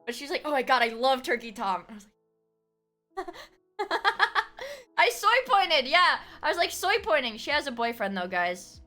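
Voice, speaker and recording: Woman streamer, casual chat, swoops through her pitch, laughs a lot and bursts into shouts. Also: sing-song, moderate pace, soft background music.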